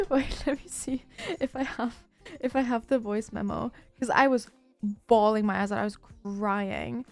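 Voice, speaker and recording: A woman's voice: on the high side, unhurried, a little mellow. A woman livestreamer chatting casually, telling a rambling story with lots of fillers and restarts.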